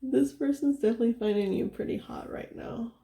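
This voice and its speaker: A young woman giving a casual tarot reading, soft-spoken and chatty, laughing often and filling her talk with "like". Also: a little high, brisk, reverberant. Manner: giggly, chatty, soft-spoken, with frequent fillers. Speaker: tarot reader.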